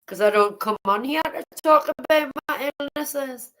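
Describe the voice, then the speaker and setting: A woman's voice: high voice, measured pace, a bit bright, poor audio. A woman chatting casually on a livestream, blunt and swearing freely as she greets viewers by name. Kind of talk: casual live-stream chat with viewers.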